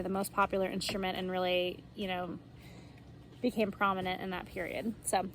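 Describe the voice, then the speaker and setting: A woman's voice: on the high side, a bit bright, slight background noise. A woman teaching memory songs and motions in a casual, chatty way, with fillers and acted-out examples. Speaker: homeschool teacher.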